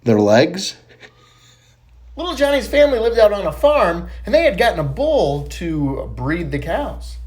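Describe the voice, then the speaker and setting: A man telling dirty jokes as an animated, swooping storyteller. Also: high-pitched, moderate pace, few pauses, husky. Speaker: comedian.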